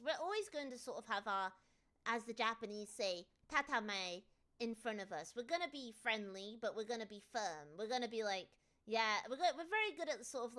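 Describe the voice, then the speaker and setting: A woman's voice: a little high, fairly bright tone, smooth. A British woman streamer chatting casually and jokily as she answers viewer questions. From United Kingdom. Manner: chatty, jokey, with many restarts and playful put-on voices. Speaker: VTuber streamer.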